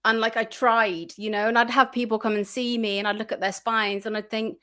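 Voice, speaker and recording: Woman, fairly high voice, casual interview chat, rambling fillers, acts out reactions. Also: level tone, brisk, a bit bright. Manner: chatty, many fillers and restarts; acts out her own past reactions. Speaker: guest.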